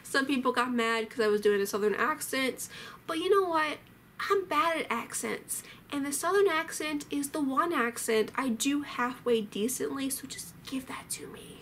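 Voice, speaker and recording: A woman in her thirties casually commenting on her old videos, animated and sarcastic with quick asides. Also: high-pitched, a little hiss or hum. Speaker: vlogger.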